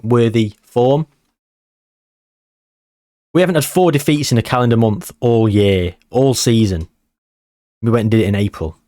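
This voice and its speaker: A man's voice: medium pitch, dry recording, clean studio sound. Tired man commentating a football game. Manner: muttering, bursts of excitement at goals. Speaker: gaming channel host.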